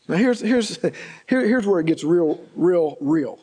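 A man delivers a sermon in a fairly high voice. He preaches with emphasis, repeating key phrases and acting out the words of others as he goes. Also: animated, takes it slowly, darkish tone, slightly rough.

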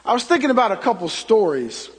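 A middle-aged man preaching a sermon, telling stories and swinging from loud emphasis to hushed asides. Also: high voice, big pitch swings, fast, breathy edge. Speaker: pastor. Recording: long hall reverb.

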